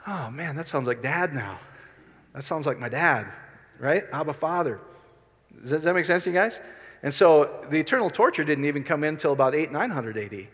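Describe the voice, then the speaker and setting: Speaking at normal speed with a slightly high, fairly bright voice and lively intonation, a middle-aged man preaches as a pastor. His style is conversational, questions aimed at the congregation, and the hall reverberates around him.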